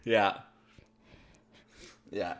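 A man's voice: very slow, crowd noise. A young man co-hosting a casual podcast, easygoing, laughing along and asking puzzled questions. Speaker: podcast co-host.

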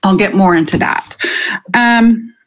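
A woman's voice: medium pitch, slow pace. A woman hosting a live podcast episode, talking casually with frequent ums and light laughs as she goes through her notes. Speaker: podcast host and coach.

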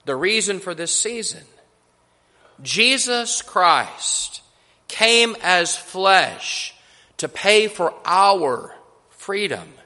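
A man preaching a sermon, telling a story in a slow, deliberate way with emphatic pauses. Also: sits high, pushed and bright, big-room sound.

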